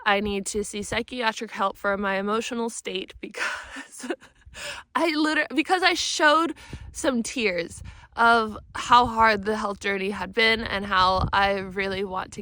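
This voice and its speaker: A woman vlogger telling a personal story with emotion, animated and frustrated, swearing freely. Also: medium pitch, unhurried, dry recording. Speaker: vlogger, spiritual mentor.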